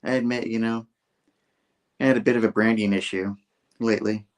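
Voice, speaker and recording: A man's voice: fairly low pitch, fairly even intonation, a little fast. A man casually retelling a comic book scene by scene, acting out the characters' lines in loose voices. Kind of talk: casual chat.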